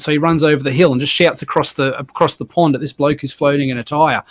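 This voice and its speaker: A man's voice: fairly high pitch, quick pace, few pauses. An Australian man, a guest on a podcast, chatting casually in an easygoing, rambling way. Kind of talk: casual chat.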